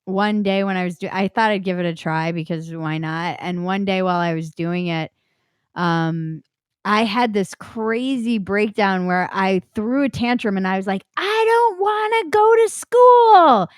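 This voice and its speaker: A woman's voice: mid-range voice, steady tone, normal speed, clear, resonant tone, dry recording, studio quality. Frank woman telling a personal story. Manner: frank and blunt, loose with fillers like "like". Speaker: podcast guest.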